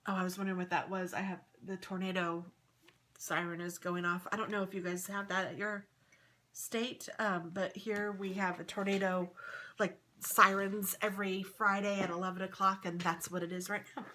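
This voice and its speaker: A woman's voice: mid-range voice, level tone, moderate pace, bright, forceful tone, slight background noise. A woman casually chatting through a flip-through of her craft planner, upbeat and rambling. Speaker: crafting vlogger.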